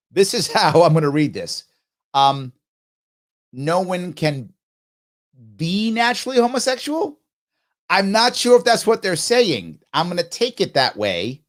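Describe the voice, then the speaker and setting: Chatty, musing man hosting a live stream. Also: a little high. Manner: musing aloud, frequent self-interruptions and laughs. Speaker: show host.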